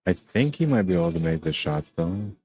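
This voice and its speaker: A man commentating a live pool match in an easygoing, talkative way. His voice sits very low and deep. He keeps it friendly and loose, often tacking "man" onto the end of his lines. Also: big pitch swings, a little fast, a little mellow, dry recording. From Canada. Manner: laid-back, chatty, often ends lines with "man". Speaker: pool commentator and stream host.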